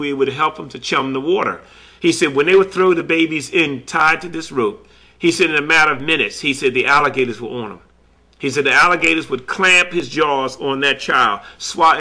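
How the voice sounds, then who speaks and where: A man, a collector, slowly retelling a story in earnest with many quoted back-and-forth exchanges. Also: fairly high pitch, bright, forceful tone. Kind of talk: recorded personal storytelling.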